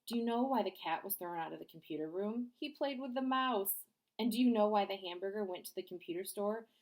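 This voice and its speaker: A woman's voice: medium pitch, brisk, darkish tone, natural voice. A woman voicing a goofy schoolboy who keeps telling jokes and begs for laughs. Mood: joking. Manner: eager, pleading for laughs.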